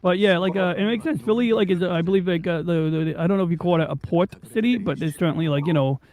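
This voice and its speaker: New guy hosting a chill podcast, rambles off topic, swears a lot, voice sits a bit high. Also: quick pace, a little mellow, poor audio. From New York. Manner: rambling, digressive, swears freely, many fillers. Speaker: podcast host. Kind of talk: casual rambling chat.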